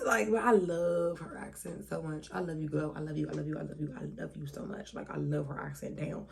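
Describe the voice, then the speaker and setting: Low, gravelly-voiced woman hosting a casual talk show. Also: a little fast. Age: 20s. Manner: loose, profane and animated, with frequent asides and laughs.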